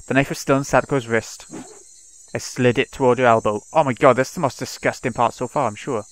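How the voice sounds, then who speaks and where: A man hosting a let's play, reading a visual novel aloud in a plain, steady way with brief asides of his own. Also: mid-range voice, brisk, dry recording. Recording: dry close mic with faint music.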